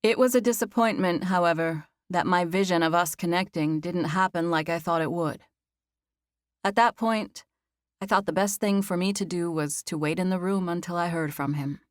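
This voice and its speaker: A woman narrating a romance novel in the first person, in an even, intimate storytelling manner. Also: fairly low pitch, normal speed, no echo, clean studio sound. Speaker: audiobook narrator.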